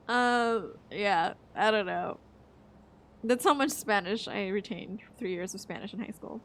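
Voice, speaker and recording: A woman's voice: mid-range voice, unhurried, creaky, a bit bright. A young woman streaming a game, chatting casually, joking, swearing freely and laughing often. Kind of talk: casual chat while gaming.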